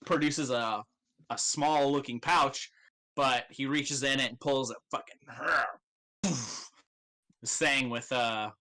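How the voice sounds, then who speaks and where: A man's voice: mid-range voice, pushed and bright. A young man narrating as game master in a casual, swear-filled way.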